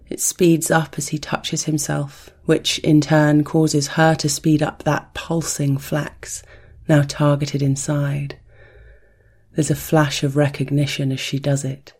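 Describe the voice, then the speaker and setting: A storyteller giving an intimate audio story narration in a soft, hushed voice that slips into whispers, softly chanting a rhythmic heartbeat sound. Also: medium pitch, breathy edge.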